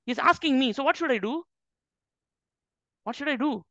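An Islamic teacher lectures on the Quran in an extremely high-pitched male voice, bright and forceful with lively intonation at normal speed. He is emphatic and fires rhetorical questions at his audience. The lo-fi recording is dull and dry, with no echo.

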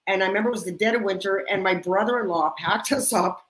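A woman's voice: medium pitch, quick pace, fairly bright tone, slight background noise, poor audio. A woman hosting a casual chat, telling stories and laughing often. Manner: laughs often, upbeat storyteller. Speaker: podcast host.

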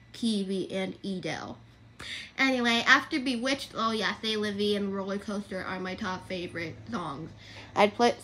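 A young woman chatting casually on her livestream, rambling and correcting herself as she goes. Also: medium pitch. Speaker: livestream host.

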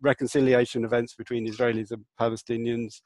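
A man talking as an interview guest about empathy, earnest and explanatory, often adding "yeah" and acting out lively replies. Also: medium pitch, fast, dry recording. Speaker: guest, empathy and communication teacher. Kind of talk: conversational interview talk.

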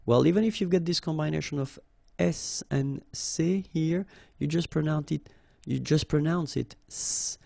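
Slow, gravelly French-accented male teacher. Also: on the high side, dark tone, dry recording, clean studio sound. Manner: patient, repeats each word with short explanations. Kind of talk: slow vocabulary lesson, spelling out sounds.

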